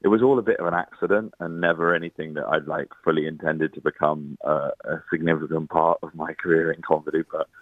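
Brief: low male comic guest, self-mocking storyteller, dry phone-line sound. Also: steady tone, no echo. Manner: self-deprecating anecdotes, quick asides. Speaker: comedian guest. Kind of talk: casual chat.

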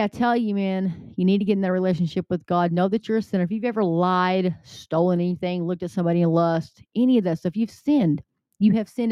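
A woman's voice: mid-range voice, mellow, no echo. A woman preaching urgently to her viewers in a casual, rambling way, full of fillers, often calling them folks and guys. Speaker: Christian vlogger. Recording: dry, dull lo-fi home recording.

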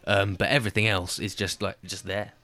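A man's voice: on the low side, flat delivery, fairly quick, bright, forceful tone. A man in casual comedic chat, swearing a lot and joking around. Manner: swearing, jokey, slips into silly put-on voices.

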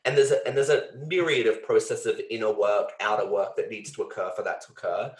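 A man's voice: lowish voice, steady tone, a little fast. A man hosting a podcast who talks earnestly and with feeling, thinking aloud with many fillers and the odd swear. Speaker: podcast host. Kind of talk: reflective conversation. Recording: roomy echo.

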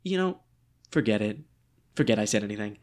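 A man's voice: on the high side, big pitch swings, normal speed. A man reading the part of a ghostly dictator with a bullet wound, needy and melodramatic, in a stage play reading. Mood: brooding. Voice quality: theatrical, swinging between whimpers and outbursts.

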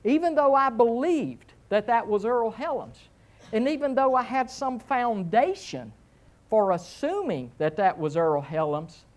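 Male pastor, sermon, lively self-mocking storyteller with big pitch swings. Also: unhurried.

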